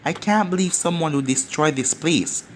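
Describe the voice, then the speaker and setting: A man's voice: fairly high pitch, moderate pace, a little hiss or hum, close to an everyday voice. A man voicing a proud, scheming young woman ninja with a sly, self-righteous manner, over faint music.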